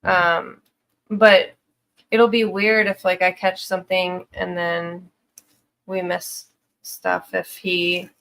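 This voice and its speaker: A woman's voice: lowish voice, little pitch movement, takes it slowly, creaky, a bit bright. A woman co-hosting a casual podcast, chatty and hesitant, often trailing off mid-thought. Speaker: podcast co-host.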